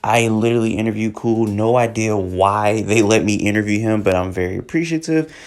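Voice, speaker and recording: A young man talking casually and excitedly about music as a reviewer, rambling in slang. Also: lowish voice, brisk. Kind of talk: casual chat.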